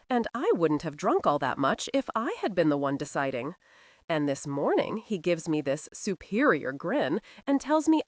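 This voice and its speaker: A woman voicing a petulant, aggrieved young gentleman who rants in a whining, indignant way in an audiobook. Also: on the low side, no echo, studio quality.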